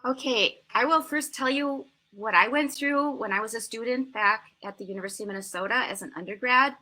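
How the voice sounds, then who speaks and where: An American woman in her sixties, a language teacher, giving lively, emphatic explanations as an interview guest. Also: on the high side, fairly quick. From United States. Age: 60s. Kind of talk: conversational interview answers.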